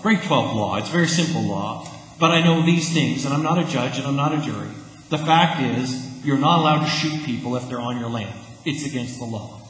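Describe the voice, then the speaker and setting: A man's voice: mid-range voice, fairly bright tone. A man preaching a sermon in a church, earnest and emphatic in an easy, conversational way. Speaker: pastor. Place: church sanctuary. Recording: echoey church hall, faint ambience.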